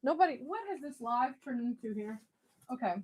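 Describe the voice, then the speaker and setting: A woman's voice: high-pitched, expressive, moderate pace, noisy background. A woman hosting a casual live stream, bubbly, laughing often and poking fun at herself. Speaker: livestream host.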